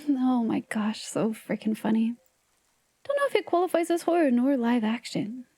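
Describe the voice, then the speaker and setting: A high-pitched woman chats away with her stream viewers in a loose, giggly, playful way. Her tone is soft and mellow, and the sound is close and dry, with no room around it. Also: moderate pace, slightly rough, no echo. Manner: chatty, giggly, animated and playful. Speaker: livestream host. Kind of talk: casual livestream chat.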